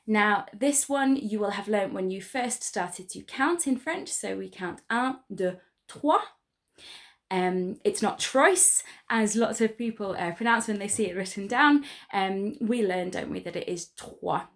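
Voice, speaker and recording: A woman, a French teacher giving a pronunciation lesson, modelling words slowly and clearly and praising her pupils. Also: medium pitch. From England.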